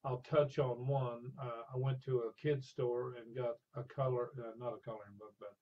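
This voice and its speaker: A man's voice: medium pitch, moderate pace. An older man animatedly telling stories in an interview, acting out the people in his anecdotes. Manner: animated storyteller, acts out voices in anecdotes. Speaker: interview guest. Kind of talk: storytelling in a conversational interview. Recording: dull lo-fi sound.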